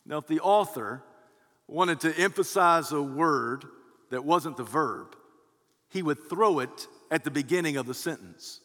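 A man's voice: on the high side, lively intonation, measured pace, fairly bright tone. A male pastor giving an emphatic sermon, swelling and dropping his voice for emphasis, in a large church. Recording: long hall reverb.

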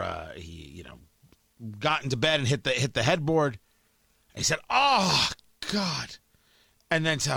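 A man's voice: medium pitch, a bit bright, no room sound. A middle-aged man hosting a talk radio show, riffing in a monologue, often restarting his sentences and acting out quotes.

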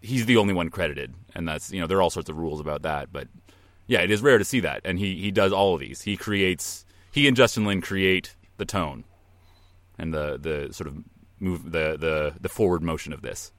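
Man, movie podcast co-host, deep-ish voice, dry close sound, easygoing trivia guy. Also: brisk, no room sound. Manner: informative, relaxed, full of trivia. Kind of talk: casual chat.

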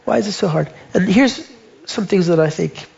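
A man with a high, light voice preaches a sermon with emphasis, slowing and softening almost to a whisper on quoted lines. The recording is dull and muffled. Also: vocal fry.

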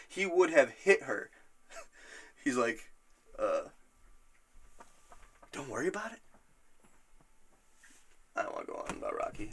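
A man hosting a casual podcast, retelling scenes in a rambling, profane, animated way. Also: fairly high pitch, slight background noise. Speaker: podcast host.

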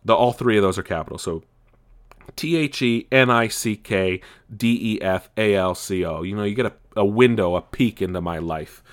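A man hosts his first solo podcast episode in a loose, rambling monologue. He stammers through restarts, tags lines with "okay?" and swears bluntly, and his voice sits somewhat low. He is from California. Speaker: podcast host.

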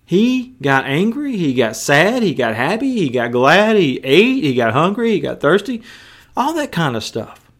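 A man's voice: on the high side, very animated, unhurried, a bit bright. A male preacher giving a sermon, emphatic and conversational, mixing scripture with colloquial asides.

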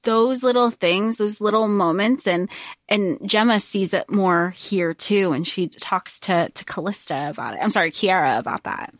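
A woman co-hosting a podcast, retelling a book's story in a rambling, excitable way full of fillers and swearing. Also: mid-range voice, moderate pace, dry recording, clean studio sound. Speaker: podcast co-host. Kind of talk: casual book-discussion chat.

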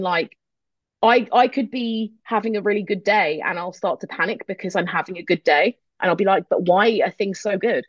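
A woman with a lowish voice talks candidly in a casual interview, swearing now and then and laughing easily at herself. The sound is dry and a little dull and lo-fi. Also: slightly rough, no room sound. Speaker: guest, metal vocalist.

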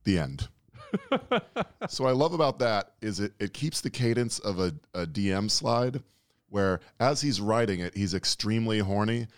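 Man, very low voice, wry crude jokes, dry close mic, casual podcast chat. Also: animated, moderate pace, no room sound. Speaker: podcast host.

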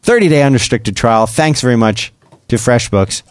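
A man's voice: medium pitch, animated, moderate pace, dry recording. A man co-hosting a podcast, chatting casually and rambling through an ad read. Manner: chatty, rambling, self-interrupting. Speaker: podcast co-host.

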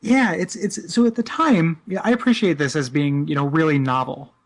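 A man in his thirties co-hosting a casual chat, rambling with many "like"s and "you know"s and laughing easily. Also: a little high. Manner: amused, quick to laugh. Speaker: podcast co-host. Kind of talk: casual chat about a video game.

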